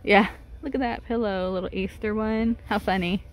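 A woman's voice: medium pitch, fairly even intonation, normal speed. A woman vlogging a casual shopping walkthrough in a big store, chatting about prices and gushing over cute items as she films on her phone. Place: inside a large retail store.

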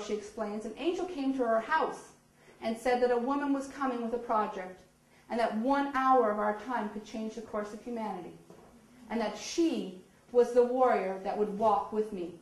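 A woman telling her personal story to an audience, animated and acting out the dialogue with laughs. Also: a little high. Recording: echoey hall.

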